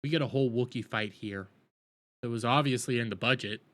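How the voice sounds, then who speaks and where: A man recapping a TV episode in an animated, exasperated rant, often stumbling and restarting his sentences. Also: mid-range voice, a little fast. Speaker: TV show reviewer.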